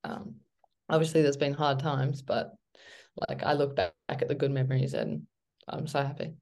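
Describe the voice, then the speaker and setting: A gravelly, low-voiced professional footballer from New Zealand chats casually at a moderate pace as an interview guest. Her talk is relaxed and meandering, packed with fillers and "like."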